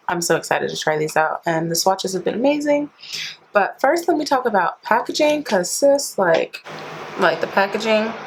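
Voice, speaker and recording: Poor audio with slight background noise carries a woman's lowish voice as she, a beauty vlogger, talks through a product review. She is chatty and full of "like," using playful slang and calling her viewers sis and honey.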